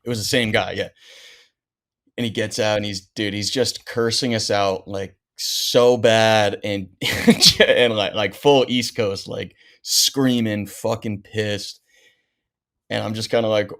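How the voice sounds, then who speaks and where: A man's voice: on the low side, fairly even intonation, unhurried. A man in his thirties, a pro skier guesting on a podcast, telling stories in a laid-back way full of "like" and "dude.". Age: 30s. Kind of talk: casual storytelling chat.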